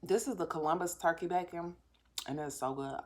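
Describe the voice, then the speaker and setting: Low-voiced woman chatting through a meal. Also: fairly quick, darkish tone. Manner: talks with mouth full, chewing and savoring between remarks; candid and self-assured, addressing viewers directly. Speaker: mukbang vlogger. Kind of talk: casual chat while eating. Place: at home at a table.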